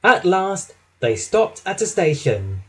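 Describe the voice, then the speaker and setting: A man reading a children's story aloud with an expressive storytelling delivery. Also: sits high, slow pace, slightly rough, poor audio. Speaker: storybook reader.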